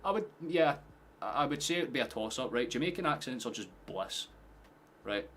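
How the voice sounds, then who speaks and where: A man casually commentating a football match live for his stream, chatty, swearing and quick to laugh. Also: medium pitch, expressive, a bit bright, slight background noise. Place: home streaming setup with headphones.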